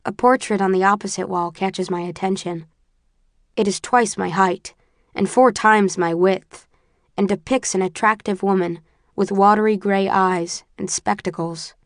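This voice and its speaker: A woman reading a first-person story aloud in a measured, often quiet and subdued way. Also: mid-range voice, steady tone, no room sound, clean studio sound. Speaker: audiobook narrator. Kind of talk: first-person audiobook narration.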